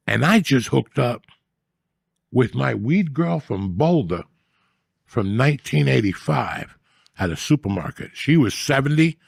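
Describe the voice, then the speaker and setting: A comedian guest telling a rambling, profane story in a streetwise, casual way. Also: male voice, mid-range voice, vocal fry, breathy edge, no room sound, clean studio sound. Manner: rambling, streetwise, swears often.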